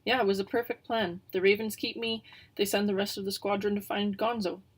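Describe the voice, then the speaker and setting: A woman's voice: mid-range voice, little pitch movement, brisk, slightly rough, natural voice. A woman reading as Pivo, a sly runaway bird. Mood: offhand. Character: restless young female bird, sly runaway flyer.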